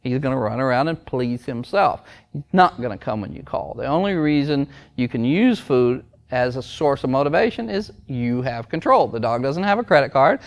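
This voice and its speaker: A man's voice: medium pitch, lively intonation, normal speed. A man, a dog trainer, ranting to camera in a blunt, emphatic, preachy way. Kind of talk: opinion rant to camera.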